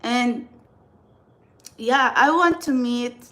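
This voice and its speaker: A woman's voice: fairly high pitch, drawn-out words, a bit bright. A woman from the Philippines with a Filipino accent, talking casually to camera as a tarot reader and spiritual channeler. She rambles earnestly and often restarts her sentences.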